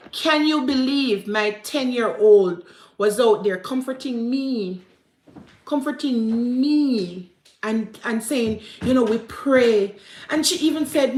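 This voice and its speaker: Woman, 30s, Jamaican accent, higher register, heartfelt vlog storytelling, echoey room. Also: a little hiss or hum. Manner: heartfelt, tearful, repeats herself, mixes in patois. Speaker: vlogger. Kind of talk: emotional personal storytelling.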